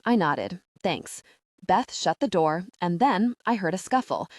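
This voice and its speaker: A woman narrating a first-person audiobook with an expressive, measured reading. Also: lowish voice, dry recording, clean studio sound.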